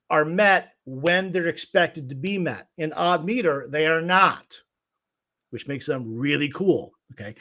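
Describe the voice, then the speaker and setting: On a livestream music lesson, a man teaches guitar rhythm, patiently explaining and counting beats aloud. His voice is a little high with a fairly bright tone.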